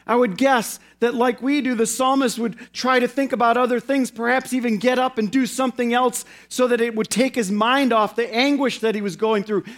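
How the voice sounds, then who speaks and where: A male pastor preaching a sermon in an earnest way, slowing down and repeating phrases for emphasis. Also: extremely high pitch, steady tone, a bit bright.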